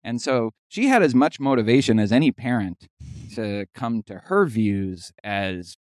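A man's voice: medium pitch, expressive, measured pace, darkish tone, no room sound, clean studio sound. A man hosting a casual podcast discussion, opinionated and pointed, with some hesitations.

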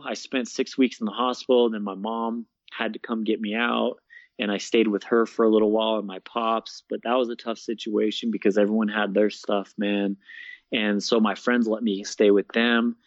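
A young man, a guest, casually telling his story in an interview, animated and laughing often, peppering his talk with "man" and "bro.". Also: on the low side, moderate pace, no echo. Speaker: guest, fitness coach and speaker. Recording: dull, dry lo-fi sound.

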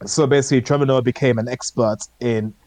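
A man's voice: medium pitch, fairly even intonation, fast talker, darkish tone, dry recording. A man co-hosting a podcast, chatting casually about shows he watched, rambling and hesitant with many fillers. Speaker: podcast co-host. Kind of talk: casual chat reviewing shows.

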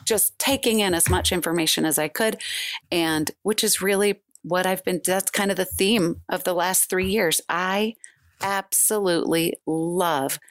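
A woman in her fifties, a fasting coach, chatting as a guest and telling stories with lively acted-out quotes and frequent laughs. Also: fairly low pitch. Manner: animated storyteller, acts out quotes, laughs often. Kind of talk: casual interview chat.

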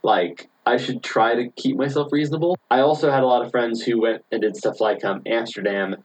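A man's voice: mid-range voice, fairly even intonation, brisk, poor audio. A man in his twenties chatting casually as a podcast guest, rambling through stories with lots of fillers and laughs. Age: 20s. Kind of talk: casual chat, storytelling.

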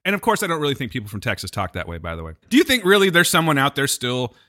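A man's voice: medium pitch, big pitch swings, rapid-fire, sharp tone. A man co-hosting a podcast in casual chat, joking with a dry, teasing humor. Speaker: podcast co-host.

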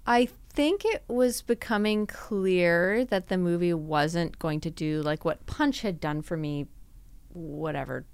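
A woman with a lowish, smooth, resonant voice recounts her experiences in a relaxed interview. She tells her story with energy and slips into quoted dialogue as she goes. The sound is close and dry, with no room around it. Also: slow pace, dry recording. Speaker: podcast guest, actress and screenwriter. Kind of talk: casual interview conversation.

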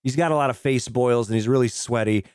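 Excitable, profane man riffing on bad films. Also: mid-range voice, quick pace, clean tone, no echo, studio quality. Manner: excitable, profane, laughs often, acts out quotes. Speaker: podcast co-host. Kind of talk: casual film review chat.

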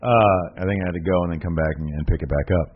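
A man co-hosting a wrestling podcast in a casual chat, excitable and laughing often. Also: deep voice, racing, phone-quality sound, a little hiss or hum. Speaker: podcast co-host.

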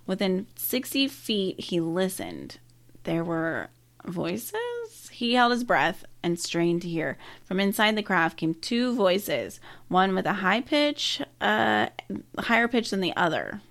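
A woman's voice: mid-range voice, big pitch swings, slow pace, vocal fry, a bit bright. A woman reading a story aloud to a co-host in casual chat, breaking off with laughing asides and quips. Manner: laughs often, reacts with quips and joking asides. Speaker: podcast co-host.

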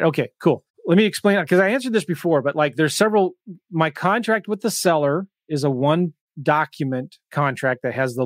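Man, real estate coach, live-stream Q&A host, slightly high voice, dry close mic, animated and chatty. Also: dry recording. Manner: animated, conversational, exasperated asides.

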